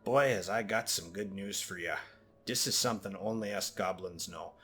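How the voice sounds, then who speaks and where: A man's voice: deep voice, normal speed, fairly bright tone, husky, soft background music. A man voicing a greedy, scheming male goblin scout in a game, with a loose put-on Caribbean-ish lilt and slangy broken grammar. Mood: wheedling.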